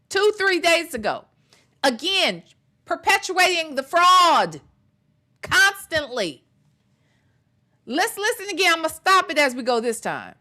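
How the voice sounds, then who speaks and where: A woman's voice: very high-pitched, sharp tone. A woman hosting a reaction commentary on a video clip, talking bluntly and profanely with exasperation and repeating phrases for emphasis. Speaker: gossip commentary host.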